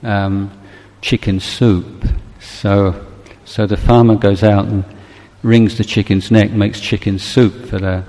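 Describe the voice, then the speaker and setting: A man giving a Buddhist dharma talk, telling a story in a gentle, halting, reflective way. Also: on the low side, level tone. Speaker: Buddhist teacher. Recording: long hall reverb.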